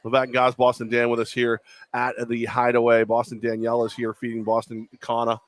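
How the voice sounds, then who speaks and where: A man's voice: mid-range voice, monotone, a little fast, no room sound. A man co-hosting a casual sports talk show, bantering with mock-dramatic jokes. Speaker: co-host.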